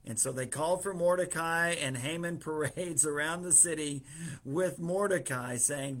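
A man's voice: medium pitch, slow, fairly bright tone. A man preaching in a casual way, retelling a story through quoted dialogue with fillers and small chuckles.

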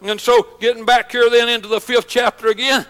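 Man, pastor, shouted sermon, halting delivery, sharp tone, echoing sanctuary. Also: very high voice, level tone, smooth. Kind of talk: Pentecostal-style shouted sermon.

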